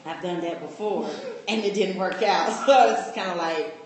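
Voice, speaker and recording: A woman giving a casual, animated personal testimony at a coaching meeting. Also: on the low side, moderate pace. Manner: casual, animated storytelling with laughter. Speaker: coaching client. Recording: echoey room with faint noise.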